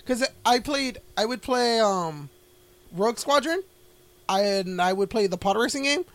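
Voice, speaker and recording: A man's voice: sits high, expressive, unhurried. A man co-hosting a podcast, chatting casually and rambling, swearing often and laughing a lot. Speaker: podcast co-host. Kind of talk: casual chat.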